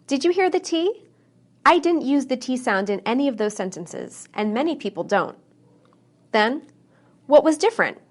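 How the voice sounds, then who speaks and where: A woman with a slightly higher voice delivers a scripted English pronunciation lesson. She reads example sentences slowly, enunciating every sound with care.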